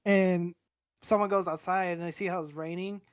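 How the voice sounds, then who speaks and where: On a podcast, a young adult man spins a lengthy, meandering personal tale full of profanity, performing the voices of everyone involved. He has a high, smooth voice with fairly even intonation and normal speed, and the studio-quality recording has no echo.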